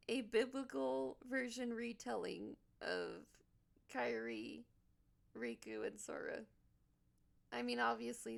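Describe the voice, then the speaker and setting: Chatty gravelly-voiced woman streamer. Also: a little high. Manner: emotional, chatty, explains the story. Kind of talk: live stream watch party commentary. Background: game music.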